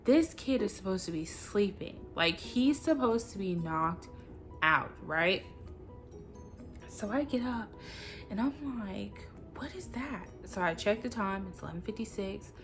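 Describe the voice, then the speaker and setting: A woman's voice: mid-range voice, unhurried, faint music behind. A woman telling a casual storytime vlog about her son. She rambles animatedly, and nearly every phrase is filled with "like.". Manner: rambling, heavy use of "like", animated retelling. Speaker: vlogger, mother.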